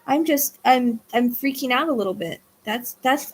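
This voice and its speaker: A woman doing a live-streamed psychic reading, excitable, swinging between hushed asides and loud exclamations. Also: high-pitched, moderate pace, few pauses, husky.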